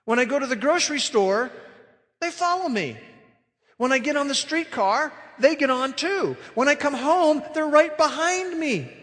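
A man's voice: very high-pitched, lively intonation, normal speed, fairly bright tone, long reverb tail, voice pushed up. A man putting on a frightened lonely woman. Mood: fearful. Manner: anxious, pleading.

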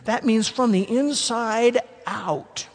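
A man preaching a sermon as pastor, emphatic, slowing down to stress key words. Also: very high voice. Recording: long hall reverb.

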